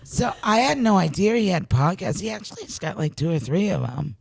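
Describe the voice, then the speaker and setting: A middle-aged woman hosting a podcast, telling an excited story in casual chat, stammering and laughing as she goes. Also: on the low side, fairly quick, creaky. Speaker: podcast host.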